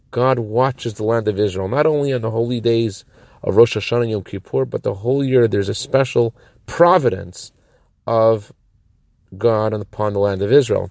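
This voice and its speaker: Gravelly-voiced man giving a Torah lesson. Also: mid-range voice, a little mellow, no room sound. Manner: measured, explanatory, slowing on key phrases. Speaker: rabbi. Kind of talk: short recorded Torah teaching.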